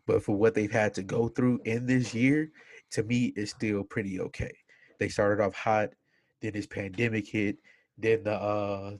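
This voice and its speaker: A man's voice: on the low side, a little mellow, no room sound. A man co-hosting a casual wrestling podcast, ranting emphatically and repeating words as he makes his points. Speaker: podcast co-host.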